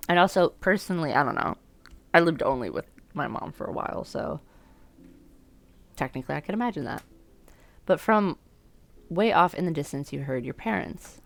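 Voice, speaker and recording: A woman's voice: deep voice, lively intonation, moderate pace, gravelly, long pauses, no echo. A woman playing a dating sim, reacting, joking, swearing and laughing as she reads the game's text aloud. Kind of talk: let's-play commentary and reading game text aloud.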